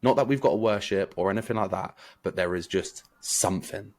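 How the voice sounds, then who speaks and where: Easygoing guy co-host, about thirty, slightly low voice, halting and jokey. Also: a little mellow. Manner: laid-back, joking, halting restarts. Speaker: podcast co-host. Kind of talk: casual podcast chat.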